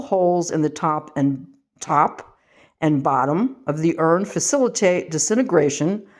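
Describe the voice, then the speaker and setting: Older woman, rambling home vlog, self-mocking, low-pitched voice, from the western US. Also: darkish tone. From western United States. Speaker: vlogger. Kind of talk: casual home vlog, reading aloud and chatting.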